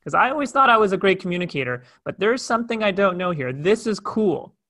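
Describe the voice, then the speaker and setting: A man's voice: high voice, fast. A young adult man telling a personal story in a candid, conversational way. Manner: candid, conversational, animated retelling. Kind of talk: storytelling talk.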